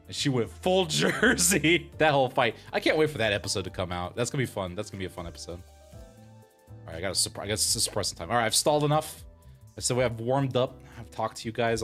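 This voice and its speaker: A man's voice: mid-range voice, a bit bright. A man chatting casually with his live stream audience in a self-deprecating way, laughing often. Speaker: streamer and voice actor.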